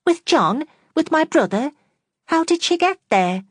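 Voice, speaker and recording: A woman voicing an impatient, excitable young lady in an audiobook reading, speaking sharply and fretfully. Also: normal speed, dry recording, clean studio sound. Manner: sharp, fretful, high-strung.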